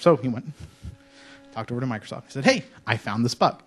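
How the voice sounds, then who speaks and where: A man speaking at a conference before a student audience, relaxed and conversational. He tells anecdotes with a joking touch and now and then slips into playful put-on voices, his pitch sitting at an ordinary middle. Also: fast talker. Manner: casual, joking storyteller with mock French voices. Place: lecture hall.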